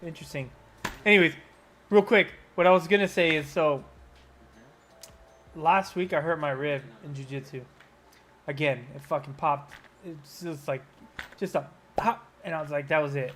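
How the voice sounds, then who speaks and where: A man in his thirties co-hosting a podcast, telling stories in casual chat, animated and swearing freely. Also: fairly high pitch, moderate pace, pauses often, a little hiss or hum. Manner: animated storyteller, swears a lot. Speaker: podcast co-host.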